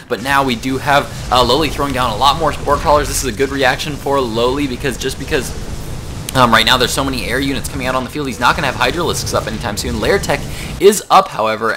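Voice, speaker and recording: A young man doing solo play-by-play commentary on a video game match, talking fast with many fillers and a rough morning voice. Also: medium pitch, bright, forceful tone. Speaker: esports caster.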